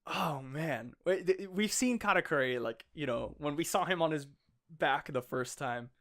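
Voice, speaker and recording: Guy cohosting a podcast, kinda high voice, excitable, laughs and swears a lot. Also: moderate pace. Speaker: podcast co-host. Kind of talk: casual chat.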